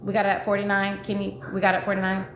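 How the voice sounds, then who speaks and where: A woman dating coach chats live with her viewers on a stream, speaking fast in a monotone from a mid-range voice. She gets emotional and repeats herself as she pleads with and reassures them. The room is echoey, with faint background noise.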